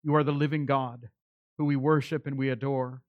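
A man's voice: medium pitch, little pitch movement, fairly quick, no room sound, highs cut off. A male pastor preaching a sermon, earnest and pleading, building to emphatic calls.

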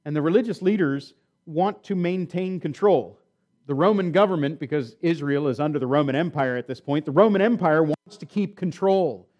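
Earnest preaching man, fairly high voice. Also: normal speed, darkish tone. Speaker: pastor. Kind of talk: sermon with scripture reading.

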